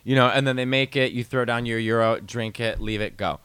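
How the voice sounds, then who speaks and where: A man chatting casually as a guest, telling lively stories and dropping in Italian phrases. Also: mid-range voice, a little fast, clear, resonant tone, dry recording. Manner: animated storyteller, slips into Italian phrases. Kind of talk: casual podcast chat.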